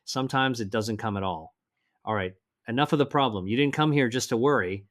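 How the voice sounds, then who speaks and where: An older man narrating a health advice video in an earnest, measured way, slowing down to stress single words. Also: mid-range voice. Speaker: health presenter. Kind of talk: scripted narration.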